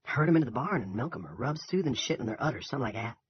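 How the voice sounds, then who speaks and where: A man voicing a young male army private with a Southern drawl, speaking low and casually. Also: sing-song, rapid-fire, a little hiss or hum, lightly acted. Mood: curious. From South Carolina. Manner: drawling, casual, soft-spoken. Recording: dull lo-fi recording.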